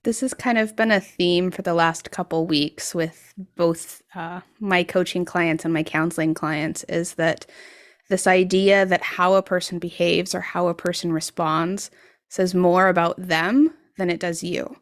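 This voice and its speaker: A woman who works as a coach and counselor, speaking in a measured, reflective way on a panel. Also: fairly low pitch, steady tone. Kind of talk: casual panel discussion.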